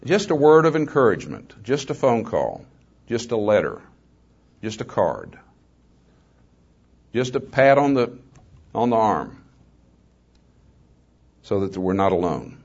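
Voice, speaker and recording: A man's voice: on the low side, huge pitch swings, measured pace, pauses often, husky. Older man telling folksy stories. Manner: folksy, conversational, with joking asides. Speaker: guest speaker, former mayor. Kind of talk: storytelling testimony talk to an audience. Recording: slightly dull lo-fi recording.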